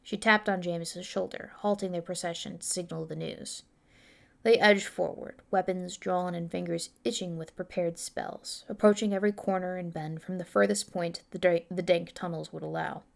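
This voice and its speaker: Woman with a gravelly, fry-tinged voice. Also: lowish voice, fairly even intonation, normal speed. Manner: casual, talks herself through it. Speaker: author reading her own novel on stream. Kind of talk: livestream chat and book reading.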